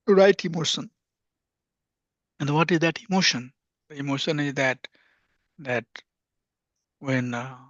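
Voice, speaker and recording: Guy giving a scripture class, earnest, goes quiet almost whispering, muffled dry audio. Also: medium pitch, dry recording. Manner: earnest, often drops to a hushed near-whisper. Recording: dull lo-fi, dry sound.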